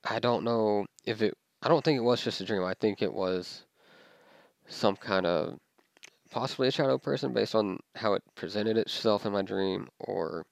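A man's voice: deep voice, creaky, no echo. A young man telling a personal story in a casual, rambling way, with many fillers and restarts.

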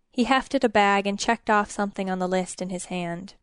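Smooth-voiced woman narrating a story. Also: mid-range voice, moderate pace, hardly any pauses, no room sound, clean studio sound.

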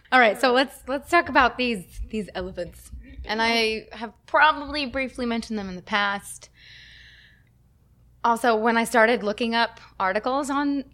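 A woman's voice: on the high side, fairly bright tone. Laid-back woman podcast host. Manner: casual, laughs often, explains facts playfully. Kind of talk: casual podcast chat.

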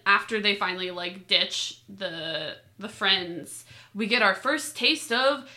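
A woman co-hosting a podcast in casual chat about books, talking fast and loose with many "like" fillers and the odd swear word. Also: mid-range voice, sharp tone. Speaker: podcast co-host.

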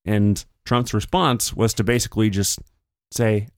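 A man's voice: lowish voice, fairly even intonation, no room sound, clean studio sound. A man hosting a podcast, talking through political commentary in a casual, conversational way. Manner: conversational, paraphrasing others in quick put-on quotes. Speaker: podcast host.

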